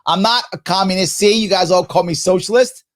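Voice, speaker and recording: A middle-aged man hosts a live stream and talks his way through quiz questions as he goes. His voice sits a bit higher than most men's, and he keeps breaking off to rephrase himself with a chuckle. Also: brisk. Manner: musing aloud, frequent self-interruptions and laughs. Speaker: show host.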